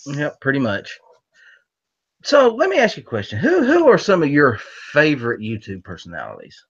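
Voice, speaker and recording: A man's voice: a little high, wildly swooping pitch, normal speed, slightly rough. A man hosting a casual chat, blunt and opinionated with grouchy humor. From American South. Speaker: host. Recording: dull lo-fi audio.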